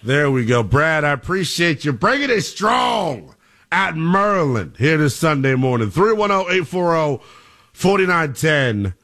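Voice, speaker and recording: A man hosting a sports talk radio show, excitable and emphatic as he talks to callers. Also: on the high side, a little slow.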